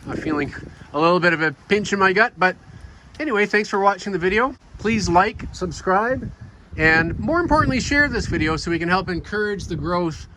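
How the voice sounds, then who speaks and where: A man's voice: high voice, expressive, brisk. A man casually narrating his hobby garden railway, chatty and a little sentimental. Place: outdoors in a garden. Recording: outdoor background noise.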